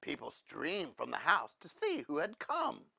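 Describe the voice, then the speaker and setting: A man reading a storybook aloud in an animated, expressive way. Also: on the high side, unhurried, vocal fry, slightly rough, dry recording, studio quality.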